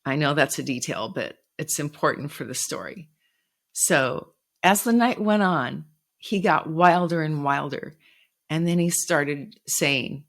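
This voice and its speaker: Middle-aged woman podcaster, low-ish voice, earnest and reflective, telling her own story. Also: a little slow, vocal fry. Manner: reflective, earnest, quoting others with raised voice. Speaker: podcast host. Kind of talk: personal storytelling.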